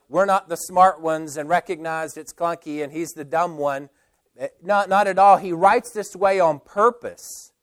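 Male pastor preaching, earnest, slow and deliberate, smooth resonant voice. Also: a little high. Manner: earnest, repeats words when restarting. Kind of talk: sermon.

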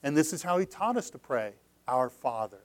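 A pastor preaching a sermon, earnest, repeating phrases and moving between hushed, low passages and loud, emphatic cries. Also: male voice, big pitch swings, normal speed, no echo.

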